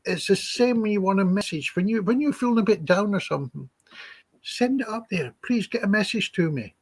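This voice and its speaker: A slightly high, husky male voice, recounting personal stories to an interviewer. He is chatty and acts out each quoted line of dialogue, and the sound is close and dry. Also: expressive, brisk, no echo. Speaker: psychic healer guest. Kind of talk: anecdotal storytelling in an interview.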